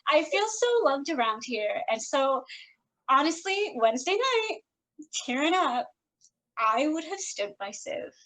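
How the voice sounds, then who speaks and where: A woman's voice: sits high, big pitch swings, a little slow, fairly bright tone, poor audio. A woman co-hosting a podcast in casual chat, talking earnestly and emotionally, close to tears. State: tearful. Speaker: podcast co-host.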